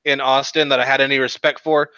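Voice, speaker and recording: A man's voice: medium pitch, flat delivery, quick pace, sharp tone, smooth, no room sound. A man co-hosting a podcast, stammering and ranting while tipsy with hiccups. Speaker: podcast co-host. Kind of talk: casual profane chat. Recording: dull lo-fi sound.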